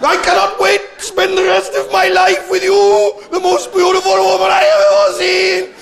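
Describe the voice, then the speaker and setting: A comedian putting on a tormented bridegroom. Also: male voice, extremely high pitch, steady tone, normal speed, gravelly, a crowd in the background, voice pushed up. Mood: anguished. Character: miserable Welsh groom on his wedding day.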